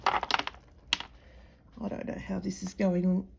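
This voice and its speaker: Her lowish voice carries vocal fry and a completely flat delivery, and she speaks extremely slowly, under heavy background noise. A middle-aged Australian jewellery maker and vlogger, she chats casually to camera while working, in a blunt, sarcastic, mocking manner.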